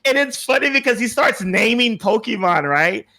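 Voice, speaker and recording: Bright-voiced man telling a rambling story. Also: very high voice, lively intonation, normal speed. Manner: rambling storyteller, many fillers and restarts. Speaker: podcast co-host. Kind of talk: casual podcast chat.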